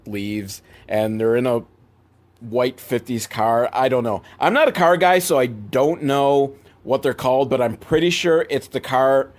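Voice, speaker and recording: A young man giving a comedic movie recap, rambling and sarcastic, with sudden jumps in pitch. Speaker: movie reviewer.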